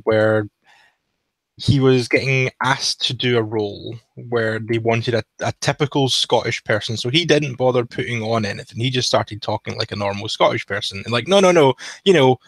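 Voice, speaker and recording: A man's voice: mid-range voice, a bit bright, no room sound. A man co-hosting a casual podcast over a headset, thoughtful and explaining his point at length. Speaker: podcast co-host. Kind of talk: casual chat.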